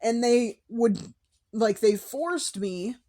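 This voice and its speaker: A woman's voice: fairly high pitch, slow, warm tone. Emotional young woman vlogging candidly. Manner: candid and emotional, with sighs and restarts. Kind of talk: personal vlog monologue.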